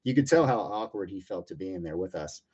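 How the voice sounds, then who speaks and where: Brief: man in his thirties, low-voiced, rapid, profane storyteller, rambling with fillers. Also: animated, a little mellow, husky. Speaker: UFC lightweight fighter, interview guest. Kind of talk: casual storytelling interview. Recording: muffled lo-fi audio.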